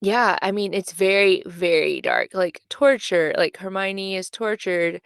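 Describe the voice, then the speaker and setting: A young woman talks through her favorite books in a loose, filler-filled, emphatic way, like a podcast co-host. Her voice has a gravelly fry yet stays smooth and resonant. The recording is close and dry. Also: mid-range voice, a little slow, no echo. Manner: chatty, filler-heavy, emphatic. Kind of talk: casual book chat.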